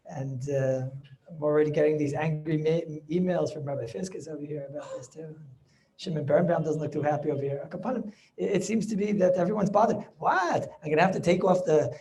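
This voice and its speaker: This rabbi's voice is a bit high, fast, and mellow, with slight hiss or hum in the audio. He's teaching an informal video-call class in a chatty way, dropping in Yiddish and Hebrew terms from the study hall.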